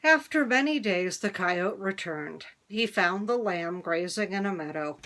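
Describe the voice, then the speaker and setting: A woman reads a children's picture book aloud, unhurried and expressive. Her voice sits in a middle pitch and lingers over each line. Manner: expressive, slow read-aloud. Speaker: storyteller.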